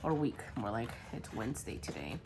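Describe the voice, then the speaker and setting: While crafting a journal, a sick woman whose voice is worn and congested rambles chattily, full of ums and muttering as she works. Her voice is very deep and a little mellow, with big pitch swings and a slightly fast pace, and there's slight background noise.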